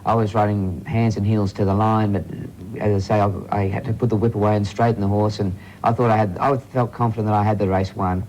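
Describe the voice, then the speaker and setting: An Australian man, a jockey guest in a studio interview, who talks in a halting, self-correcting, modest way. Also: fairly low pitch, little pitch movement, a little mellow, slight background noise, rough recording.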